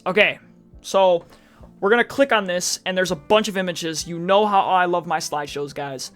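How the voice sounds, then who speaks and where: A man's voice: high-pitched, normal speed, a bit bright, soft background music. A man streaming casual reddit reaction commentary, chatty with sarcastic asides, reading posts aloud in a mocking tone.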